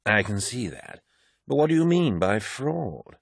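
A man voicing an egotistical male poet who speaks in a guarded, measured way in a storybook reading. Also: medium pitch, very animated, creaky, slightly rough, dry recording, studio quality, voice pushed up, exaggerated voice.

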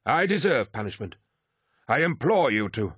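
Guy doing a nervous begging officer, pitched way up, audiobook. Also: huge pitch swings, a little slow, fairly bright tone, husky, no echo, studio quality, heavily acted. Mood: pleading. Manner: pleading and strained. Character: anxious, contrite male fleet master.

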